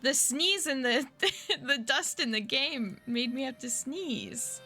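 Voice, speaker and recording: A woman's voice: sits high, lively intonation, takes it slowly, music in the background. A woman streaming a mystery game, chatting casually, reading chat aloud and reacting with gasps and laughs.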